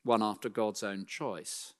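A man preaching a sermon, speaking emphatically and slowing down to read scripture aloud, in a church. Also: fairly low pitch, fairly even intonation, a bit bright. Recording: long hall reverb.

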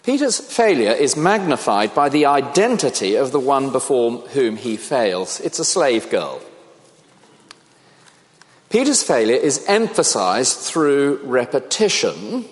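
Preacher with a lively voice in a hall. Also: male voice, mid-range voice, a little slow. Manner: reflective, asks the congregation questions. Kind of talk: sermon. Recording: long reverb of a large hall.

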